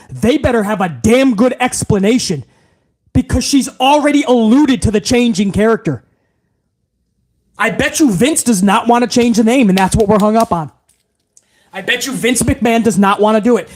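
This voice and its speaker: Exasperated, animated male live-streamer. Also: extremely high pitch, moderate pace. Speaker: wrestling commentary host.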